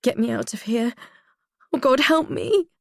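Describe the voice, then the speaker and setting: A woman voicing a terrified, drugged captive woman who pleads and cries out in a high, tearful voice. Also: unhurried, creaky, no room sound, studio quality. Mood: pleading.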